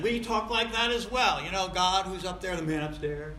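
A man preaching a sermon, swinging between loud, stressed points and quiet asides. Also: high voice, steady tone, normal speed, slight background noise. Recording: echoey room.

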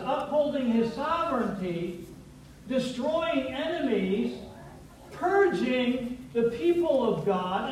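A man's voice: very high voice, slight background noise. A man preaching a sermon as pastor, playful and teacherly, coaxing his congregation to repeat words after him. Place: church sanctuary. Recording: very echoey church, distant from mic.

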